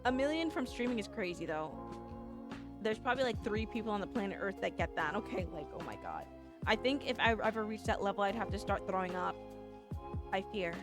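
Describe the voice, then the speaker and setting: A woman's voice: medium pitch, very animated, brisk, over music. A woman streaming live who chats with her viewers in a playful, teasing, giggly way. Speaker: vtuber streamer. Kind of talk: casual live-stream chat.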